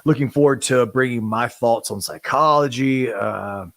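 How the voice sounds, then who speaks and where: A man speaking as a podcast host, emotional, halting and apologetic in candid talk. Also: medium pitch, gravelly, a bit bright, no room sound.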